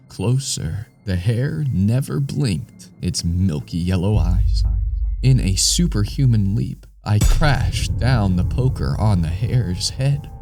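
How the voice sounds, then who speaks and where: A man narrates a horror tale in a slow, measured drawl. His low, mellow voice lingers on every phrase. Faint music plays beneath him. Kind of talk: scripted first-person horror narration.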